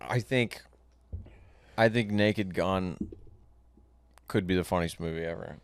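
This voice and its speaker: A man's voice: low-pitched, takes it slowly, smooth, no room sound. A man co-hosting a podcast in casual chat, telling rambling stories and laughing through them. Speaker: podcast co-host.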